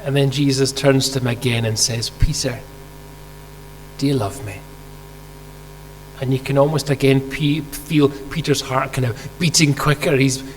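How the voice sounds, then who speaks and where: A man preaching a sermon, telling a story vividly and asking rhetorical questions, acting out quoted lines. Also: mid-range voice. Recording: hall reverb with faint mains hum.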